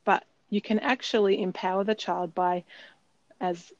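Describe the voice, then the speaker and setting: She takes her time, speaking in an unhurried, darkish voice of medium pitch with fairly even intonation. As a podcast co-host, she tells a personal story earnestly and reflectively, pausing on plenty of ums. The recording is slightly dull and dry, with no room sound.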